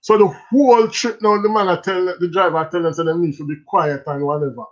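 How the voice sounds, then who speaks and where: A Jamaican livestream host tells casual stories in patois, laughing often. His voice is fairly high with fairly even intonation and a fast pace, and the recording has a slightly dull, lo-fi quality.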